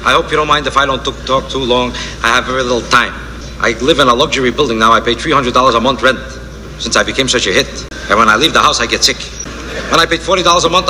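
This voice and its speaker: Man doing stand-up, rapid, reverberant hall, noisy recording. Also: mid-range voice. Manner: fast, complaining, deadpan punch lines. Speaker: stand-up comedian. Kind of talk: live stand-up routine. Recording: echoey hall with noise.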